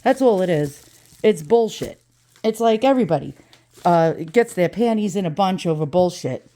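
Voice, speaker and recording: A middle-aged woman, ranting in a profane, rambling vlog with quick asides. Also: lowish voice, expressive, mellow. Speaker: vlogger.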